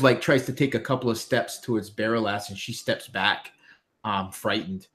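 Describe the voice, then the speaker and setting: Man with a low voice narrating a game. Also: moderate pace, a bit bright. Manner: loose, filler-heavy narration. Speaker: game master.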